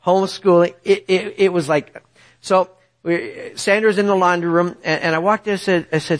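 Middle aged guy preaching, animated storyteller, keeps asking the crowd "right?", voice a bit high. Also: fairly quick. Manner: animated storytelling, tag questions to the audience. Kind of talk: sermon.

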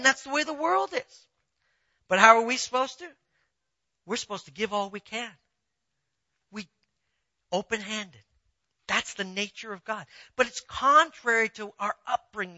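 A pastor preaching a sermon in a conversational way, telling personal stories and often asking the listeners if they follow, swinging between quiet asides and emphatic points. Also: high voice, no room sound, highs cut off. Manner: conversational preaching, asks the audience "you see what I'm saying".

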